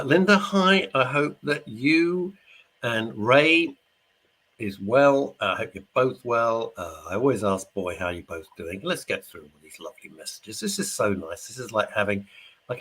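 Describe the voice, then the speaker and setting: A middle-aged man hosts a radio show from the studio, his medium-pitched voice fairly bright and slightly rough. He reads out listener messages in a chatty, jokey, rambling way.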